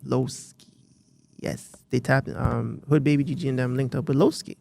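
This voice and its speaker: A Canadian man co-hosting a podcast, chatting casually in animated, rambling bursts with frequent restarts. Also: medium pitch, moderate pace, vocal fry. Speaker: podcast co-host. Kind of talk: casual chat.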